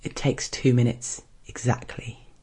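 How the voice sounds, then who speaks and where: A man reading an erotic first-person story in a hushed, measured narration.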